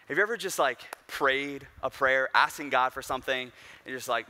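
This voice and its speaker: A man's voice: mid-range voice, fairly quick, bright, forceful tone. A young man preaching a sermon in a casual, storytelling way with conversational asides. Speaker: pastor.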